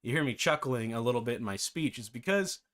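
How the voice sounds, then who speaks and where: A man's voice: medium pitch, expressive, quick pace, fairly bright tone. A man hosting a live-streamed game development tutorial, chatty and self-deprecating, often breaking into laughter.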